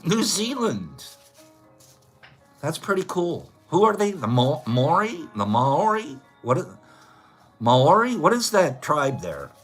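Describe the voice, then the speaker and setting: Man, livestream host, casual chat with viewers, jokey, bright voice, lively pitch. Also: takes it slowly, husky, soft background music. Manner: animated, jokey, laughs at his own jokes. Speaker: livestream host running a trivia contest.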